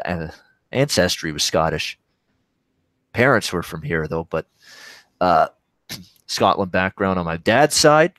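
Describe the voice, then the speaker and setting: A low-voiced Canadian man rambles through his sports betting livestream, reading viewer questions in casual chat and reacting live to the games. His tone is fairly bright, and there's no echo.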